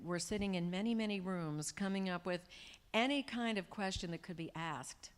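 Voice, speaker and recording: A woman in her sixties, a guest speaker answering audience questions in a chatty storytelling way. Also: mid-range voice. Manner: chatty, warm storytelling with laughs. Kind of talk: Q&A talk to an audience. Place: large event hall. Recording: hall reverb from a live event room.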